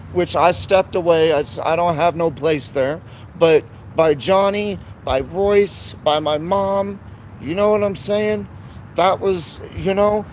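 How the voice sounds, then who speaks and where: A man's voice: high-pitched, slight background noise. A man ranting in a heated, rambling, profane monologue on his live stream.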